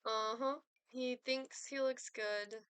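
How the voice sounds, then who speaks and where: Bright chatty young woman streamer. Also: on the high side, steady tone, slow, clear, resonant tone, no room sound. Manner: chatty, giggly, lots of fillers. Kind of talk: casual gameplay chat.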